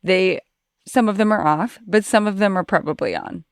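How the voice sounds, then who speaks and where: A woman's voice: mid-range voice, animated, moderate pace, creaky, no room sound, clean studio sound. A woman podcast host asking questions in a reflective, conversational way. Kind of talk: casual interview.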